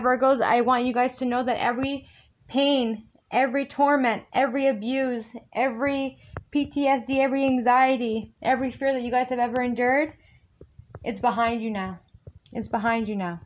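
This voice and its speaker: Blunt, swearing woman tarot reader. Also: on the high side. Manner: blunt, emphatic, swears freely, repeats the viewers' sign. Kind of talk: tarot reading monologue.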